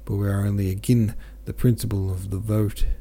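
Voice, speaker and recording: A man doing a slow, stubborn young labourer with a thick country drawl. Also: fairly low pitch, level tone, dark tone, close to an everyday voice. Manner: slow, drawling dialect speech.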